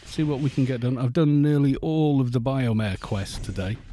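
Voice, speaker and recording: A man's voice: medium pitch, normal speed, warm tone, a little hiss or hum. A Welsh man streaming a game, chatting casually and rambling as he greets viewers at a desk microphone. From Wales. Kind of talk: casual live-stream chat while playing.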